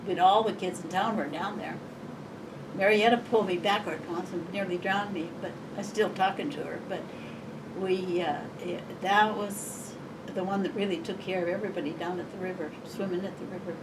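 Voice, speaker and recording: A woman's voice: on the low side, steady tone, fairly quick. Older Montana woman, interviewee; rambling, chuckling storyteller, recorded off-mic with faint hiss. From Montana, USA. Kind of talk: oral history storytelling. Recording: distant mic, faint background noise.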